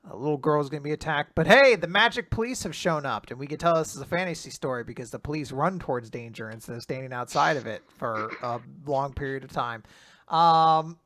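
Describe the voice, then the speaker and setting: A man casually recapping a manga chapter on a podcast, animated, often laughing and acting out characters' lines. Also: on the high side, a little fast, no room sound. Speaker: podcast co-host.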